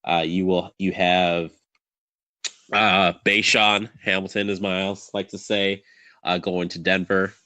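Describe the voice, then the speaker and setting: A man's voice: sits low, little pitch movement, measured pace, sharp tone. A man co-hosting a sports podcast, talking casually and rambling with many fillers and restarts. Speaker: podcast co-host.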